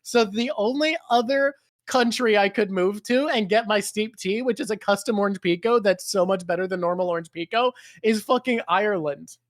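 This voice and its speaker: A man's voice: high-pitched, moderate pace, no room sound, clean studio sound. A man hosting a live stream, chatting casually, swearing freely and laughing often. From Canada. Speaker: streamer and show host.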